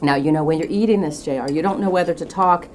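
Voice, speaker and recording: A woman's voice: low-pitched, fast talker, a little mellow, a little hiss or hum. A woman hosting a cooking show, demonstrating a dish in a chatty, enthusiastic way with light teasing.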